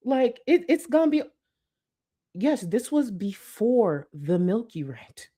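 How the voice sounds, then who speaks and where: A woman's voice: slow pace, slightly rough. A woman host giving casual commentary on a livestream clip, talking loosely and jumping up into exaggerated exclamations. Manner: animated, swings into exaggerated high exclamations; laughs through lines.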